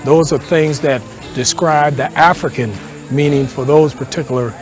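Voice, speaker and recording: A man with a somewhat high voice explains things step by step in a lecturing tone. Faint music sits under his talk. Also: steady tone, normal speed. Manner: lecturing, explains heritage and terms.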